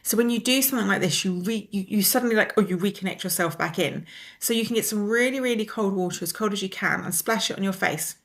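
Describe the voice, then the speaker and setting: A woman teaching a wellness lesson, calmly and gently guiding the listener through breathing exercises. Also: mid-range voice. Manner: calm, gently instructive, slows down to guide exercises.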